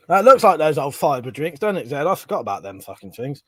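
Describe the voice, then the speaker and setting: A man's voice: fairly high pitch, slightly rough, no echo. A middle-aged man hosting a casual live stream, swearing freely, laughing often and chatting about viewers' comments.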